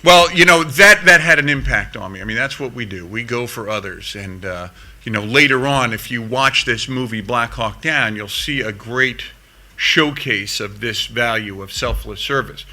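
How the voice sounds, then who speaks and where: A man's voice: mid-range voice, bright, forceful tone. Earnest man telling a war story. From United States. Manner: earnest, repeats words, quickens with emotion. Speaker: conference speaker, veteran. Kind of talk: storytelling speech to an audience. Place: conference hall stage.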